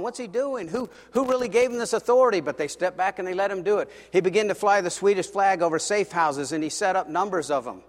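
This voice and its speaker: A man preaching a sermon, telling a story dramatically and swinging between loud passages and hushed ones. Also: a little high. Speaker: pastor. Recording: long reverb of a large hall.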